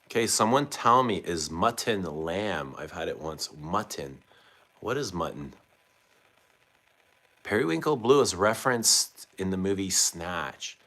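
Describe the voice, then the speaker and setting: Deep-voiced man hosting a chatty livestream. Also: big pitch swings, measured pace, fairly bright tone. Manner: chatty, asks viewers questions. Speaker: livestream host. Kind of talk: casual livestream chat reading comments.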